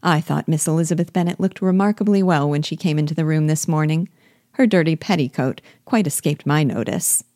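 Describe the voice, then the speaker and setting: A woman reading aloud, voicing a good-natured young gentleman who speaks earnestly and kindly. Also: sits low, brisk, dry recording, clean studio sound, lightly acted. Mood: friendly. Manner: warm-hearted, earnest, easygoing.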